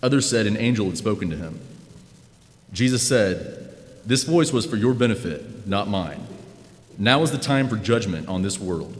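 Low-voiced man reading scripture, reverberant. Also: animated, moderate pace. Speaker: scripture reader. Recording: long hall reverb.

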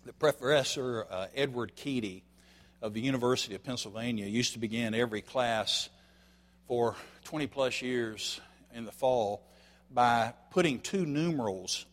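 An older man delivers a folksy sermon in a church sanctuary. He moves between hushed, conversational asides and loud, emphatic peaks. His voice sits in an ordinary middle pitch and carries a long reverb tail from the hall. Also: unhurried. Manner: folksy, swings from soft asides to shouted emphasis. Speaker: preacher.

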